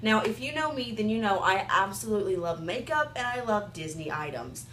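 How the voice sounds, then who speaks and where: A woman's voice: medium pitch, animated, brisk, a bit bright, roomy sound, a little hiss or hum. A young woman reviewing makeup in a chatty, rambling way, full of "like" and "um". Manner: chatty, rambling, filler-heavy with "like" and "um". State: has the hiccups. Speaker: beauty vlogger. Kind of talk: casual product review.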